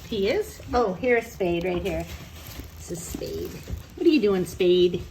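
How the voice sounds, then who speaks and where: A woman's voice: lowish voice, slow, darkish tone. A woman introducing puppies at her kennel, chatting and cooing at them in baby talk. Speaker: dog breeder filming puppies. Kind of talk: casual narration to camera. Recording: noisy kennel with dogs around. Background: puppies playing.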